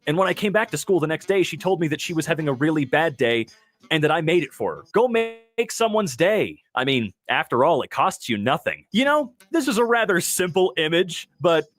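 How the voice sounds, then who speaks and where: A man's voice: fairly high pitch, very animated, a little fast, a bit bright. A man hosting a casual reaction commentary, reading captions aloud and adding joking asides. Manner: jokey asides after each reading. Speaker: host reacting to wholesome posts.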